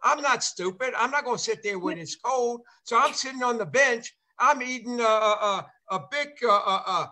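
An older man chatting over a video call in a high, bright voice. He rambles, stacking filler sounds as he talks. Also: moderate pace, hardly any pauses. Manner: rambling, heavy on repeated fillers. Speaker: show host and former player. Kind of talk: casual video-call chat.

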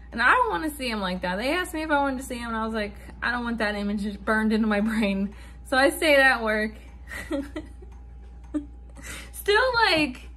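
Bright high-voiced young woman vlogger. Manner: chatty, swearing, nervous laughter between lines. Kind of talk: casual storytime vlog.

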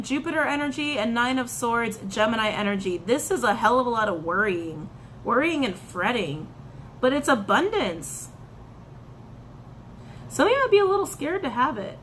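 A woman reading tarot and crystal meanings, animated, repeating her phrases and breaking into excited outbursts. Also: a little high, normal speed, slight background noise. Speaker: tarot reader.

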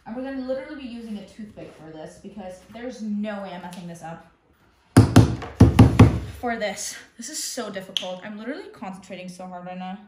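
A young woman vlogging about books, talking herself through a craft project with excited gasps and chatter. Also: mid-range voice, brisk, very noisy. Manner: excitable, gasping, talks herself through each step. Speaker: book vlogger. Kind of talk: casual crafting commentary. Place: room at home. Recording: echoey room with faint clicks.

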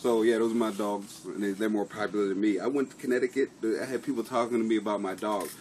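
On a live stream, a comedian chats casually with viewers, rambling through his stories while swearing and laughing. His voice is fairly low and darkish, his intonation fairly even, and he talks quickly over a little hiss or hum.

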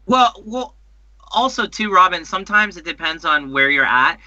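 A man's voice: high voice, lively intonation, moderate pace, sharp tone, no room sound. A man co-hosting a casual podcast, explaining things at length with enthusiasm. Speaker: podcast co-host. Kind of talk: casual chat. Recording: dry, dull lo-fi audio.

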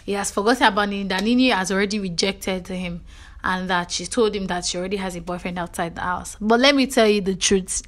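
A Nigerian-accented woman talks straight to her viewers in a gossipy recap. She tells it with lively energy and keeps asking if they follow her. Her pitch sits in a middle range. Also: quick pace. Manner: animated storytelling, frequent "you know" and "do you understand". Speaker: reality show recap vlogger.

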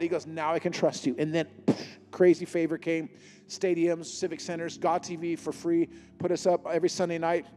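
Male preacher, rapid animated testimony sermon, slightly high voice, long hall reverb. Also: faint music behind. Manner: animated storytelling, acting out dialogue with God.

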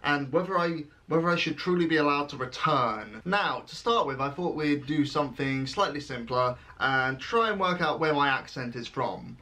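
Bright-voiced young British man vlogging. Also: on the high side, animated. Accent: British English. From England. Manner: playful and self-mocking, with jokey dramatic pauses. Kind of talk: casual vlog, reading quiz questions aloud.

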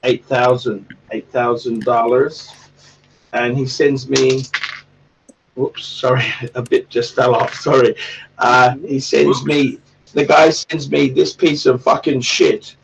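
A man's voice: medium pitch, level tone, slow pace, vocal fry, distant mic, background noise. A man hosting a casual livestream chat, rambling and swearing a lot in a crude way. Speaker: livestream host.

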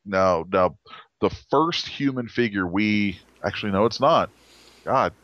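Rambling man with a low, dull-sounding voice. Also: animated, unhurried, fairly bright tone, dry recording. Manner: rambling, lots of restarts and quoted dialogue. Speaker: interviewee, 3D model designer. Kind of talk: casual storytelling interview.

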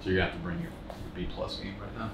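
A man's voice: deep voice, fairly even intonation, racing, very noisy. A young man hosting a casual chat, telling stories in a profane, ranting way. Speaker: host.

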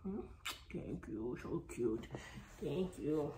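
A woman's voice: low-pitched, lively intonation, takes it slowly, mellow. Chatty woman cooing at puppies. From Texas. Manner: sweet baby talk to puppies, cooing and chatty. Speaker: dog breeder. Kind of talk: casual vlog narration. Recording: echoey room with faint noise.

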